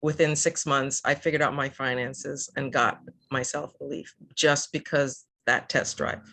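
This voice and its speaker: A woman's voice: rumbling low, fairly even intonation, measured pace, pushed and bright. An older woman from Southern California, a guest in a casual interview, talking earnestly with many fillers and restarts. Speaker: guest, EV advocate.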